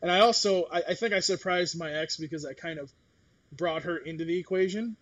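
A middle-aged man chats casually in a husky, somewhat high voice. He talks bluntly, swears freely and plays out the other people in his story. His tone stays rough and breathy throughout. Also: fairly quick, a bit bright, dry recording, lo-fi sound. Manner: blunt, swears, acts out quotes. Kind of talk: casual chat.

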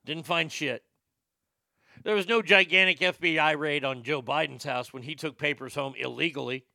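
A man's voice: on the high side, normal speed, vocal fry, bright, forceful tone, no echo. An older man giving heated, profane and sarcastic political commentary.

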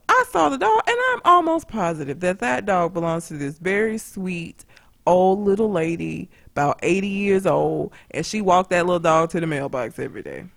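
Woman co-host, casual storyteller, swears a lot, voice swings widely in pitch. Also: gravelly. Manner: animated, profane, laughs often. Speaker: podcast co-host.

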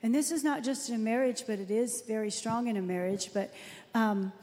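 Woman, 50s, co-host; chatty storyteller, slightly high voice, long reverb. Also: dark tone. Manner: chatty, storytelling, quick to laugh. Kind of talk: faith-based relationship talk.

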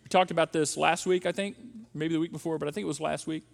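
A middle-aged male pastor preaching with emphasis, repeating key phrases again and again to drive his point home. His voice sits notably high for a man. A long reverb trails behind him from a large church auditorium. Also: fairly even intonation, fast talker, gravelly. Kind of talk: sermon on parenting.

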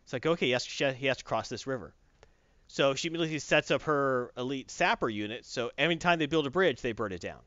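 A man's voice: medium pitch, no echo. A man casually retelling a story, acting out the characters' lines as he goes, on a dry lo-fi recording. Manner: animated, acts out characters' lines in quick voices. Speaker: storyteller recapping a show. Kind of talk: casual retelling with acted quotes.

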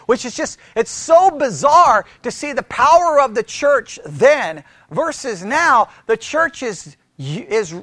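A high-voiced male pastor teaches church history in a sermon-style lecture in a church meeting room, recorded without echo. Animated, he questions the room and mimics critics, often restarting and repeating words.

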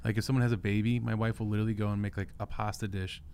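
A man's voice: lowish voice, little pitch movement, very fast, a little mellow, a little hiss or hum. Guy in his 40s chatting about his salon, jokey, acts out little bits. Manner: joking, puts on silly voices for bits. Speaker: podcast co-host, salon owner. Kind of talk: casual chat.

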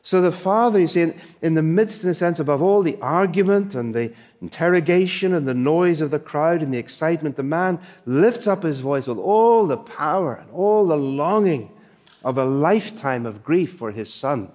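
A man's voice: fairly high pitch, animated, normal speed, a little mellow. A male preacher giving a sermon, emphatic and fond of rhetorical questions and asides.

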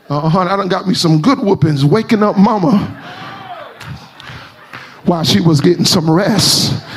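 Very high-voiced shouting preacher man. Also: slightly rough. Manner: shouting, half-sung preaching with rising pitch. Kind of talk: sermon.

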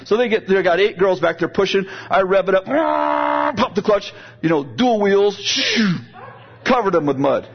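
A man preaching a sermon, telling a lively personal story and moving into prayer, with a husky voice. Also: sits high, a little slow, pauses often, dull audio.

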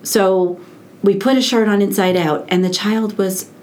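A middle-aged woman who works as an early childhood educator, telling stories in conversation and acting out quoted dialogue with lively repetition. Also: mid-range voice, unhurried. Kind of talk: animated conversational storytelling.

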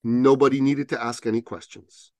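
A man guesting on a podcast, telling a story with lots of animation and slipping into the voices of the people in it. His voice sits at a middle pitch, and the sound is dry and close with no room in it. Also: steady tone, normal speed, darkish tone, dry recording. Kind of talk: storytelling in an interview.

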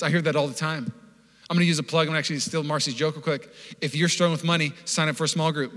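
A young man from Washington state preaching a sermon as pastor, animated and joking in a conversational way. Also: fairly high pitch, rapid-fire. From Washington state, USA. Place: church hall. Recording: long hall reverb.

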